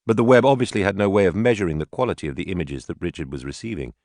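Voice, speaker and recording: A man narrating an audiobook in a measured, steady storytelling manner. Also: sits low, dry recording, studio quality.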